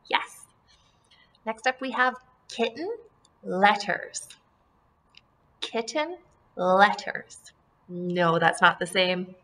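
Bright, lively teacher drawing words out. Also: female voice, medium pitch. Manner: slow, drawn-out word modeling, sing-song repetitions; encouraging, addresses children as friends and folks. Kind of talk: remote phonics lesson for young children.

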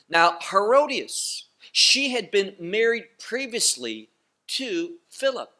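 A man teaching a bible study in a slow, deliberate delivery. His voice is bright and forceful, and he leans on repeated phrases for emphasis. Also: high voice, sing-song. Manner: slow, emphatic, with pointed repetition.

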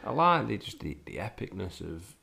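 Low-voiced laid-back man. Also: very animated, moderate pace, creaky, sharp tone, breathy edge. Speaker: podcast guest. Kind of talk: casual chat.

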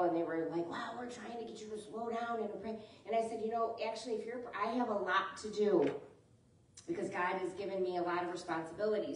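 A woman pastor preaches in a plain, mid-pitched voice, turning to her congregation with questions. She is recorded from a distance in a church sanctuary, so her voice carries a strong, roomy echo. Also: darkish tone. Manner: conversational preaching, often asks the congregation questions. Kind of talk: sermon. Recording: echoey church hall, mic at a distance.

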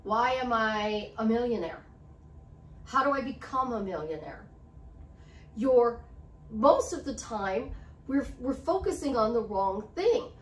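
Emphatic high-voiced woman life coach. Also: animated, takes it slowly, long pauses. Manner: emphatic, repetitive affirmations. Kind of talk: motivational talk to camera. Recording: roomy, slightly distant mic with faint hiss.

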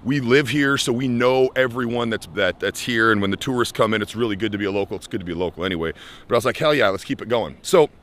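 A young man from the United States, a life skills coach, tells a story in a lively vlog style and acts out the voices of the people he quotes. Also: on the low side, fast.

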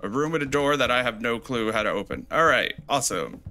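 A man's voice: lively intonation, brisk, hardly any pauses, pushed and bright, soft background music. A man commenting on a horror game as he plays, joking and sarcastic, reading the game's notes aloud. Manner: playfully mocks the game with sudden high squeals. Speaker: gameplay commentator.

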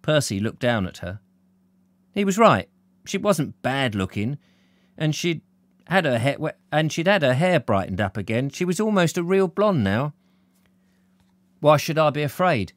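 Reading a novel live, a British man speaks at normal speed in a voice on the high side with big pitch swings, recorded dry. He goes on to chat with viewers and read their comments out warmly.

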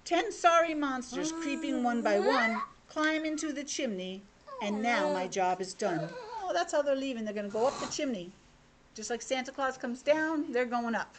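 A woman's voice: on the high side, moderate pace, a crowd in the background. A young woman teacher reading a picture book aloud to children over a video call, with chatty asides. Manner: animated, chatty asides to kids.

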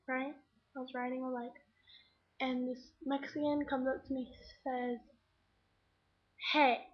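A woman telling a rambling, dramatic story to her webcam at home, using lots of "like" fillers. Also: high voice. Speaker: vlogger. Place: indoors at home. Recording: slightly muffled webcam audio.

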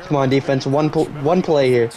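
Over crowd noise, a young gaming YouTuber calls his own football video game live in a steady, mid-range voice at normal speed. Big plays get loud cheers from him, and setbacks draw grumbling.

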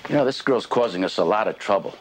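An actor playing an anxious, pushy schemer covering up a crime. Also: male voice, lowish voice, lively intonation, quick pace. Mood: worried. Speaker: schemer worried about a witness.

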